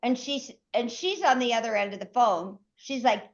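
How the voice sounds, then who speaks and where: A middle-aged woman co-hosting a podcast, telling a story in a lively, animated way and acting out the quotes. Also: fairly high pitch, moderate pace, few pauses. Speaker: co-host. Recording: dull lo-fi podcast audio.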